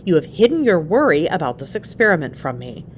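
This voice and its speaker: A devoted young wife who speaks earnestly and holds firm, as a woman reading a story puts her on. Her voice is low with lively, wide-ranging pitch. It sounds like a read-aloud storybook in the reader's own voice. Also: fairly quick, slight background noise. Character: devoted young wife, anxious but resolute.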